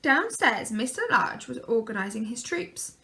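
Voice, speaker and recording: Woman reading a kids story, high bright voice, gentle. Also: sing-song, measured pace.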